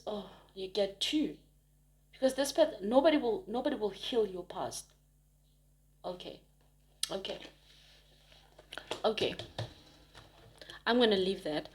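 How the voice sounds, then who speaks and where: A woman giving a casual spoken tarot reading to her viewers, chatty and emphatic, rambling with frequent restarts. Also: mid-range voice. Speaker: tarot reader.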